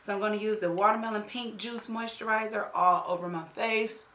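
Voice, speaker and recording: A woman's voice: medium pitch, fairly even intonation, a little fast, a bit bright. Emphatic, slangy woman in her thirties telling a story. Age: 30s. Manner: emphatic storyteller, tags lines with "okay?"; blunt, salty slang and swearing. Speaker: beauty vlogger. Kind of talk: storytime chat while doing makeup. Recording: roomy echo.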